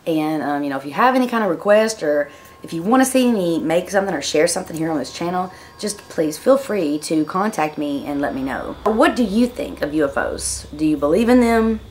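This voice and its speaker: A woman's voice: on the low side, expressive, a little fast, darkish tone. A woman talks straight to camera. She tells her story casually, stopping and restarting often with fillers. A faint background noise sits under her voice. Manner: chatty, hesitant, many fillers and restarts. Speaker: vlogger.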